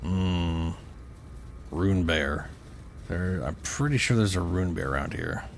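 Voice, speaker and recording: A man's voice: deep voice, expressive, slow, gravelly, a little hiss or hum. A man streaming a co-op game, tossing out wry, playful asides as he plays. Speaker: gamer streaming co-op. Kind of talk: casual gaming commentary.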